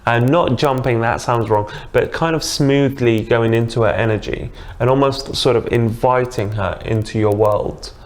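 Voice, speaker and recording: A man's voice: mid-range voice, normal speed, few pauses. A man with a British accent, a guest in a casual interview, chatty and enthusiastic, explaining with examples. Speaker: dating coach guest.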